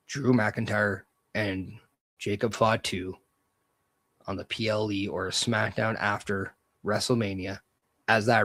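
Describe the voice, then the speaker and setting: With a fairly low voice and no echo, a man hosts a solo podcast, riffing casually and energetically. He tosses out strong opinions in loose fantasy-booking talk.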